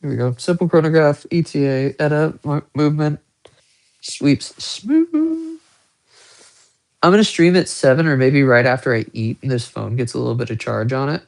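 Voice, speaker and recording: A young man rambles casually to his live-stream viewers as he shows off his guitars and watches. His everyday pitch carries a gravelly, creaky edge. He sounds close to a phone mic in a small room at home. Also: steady tone, quick pace, few pauses. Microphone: phone held close.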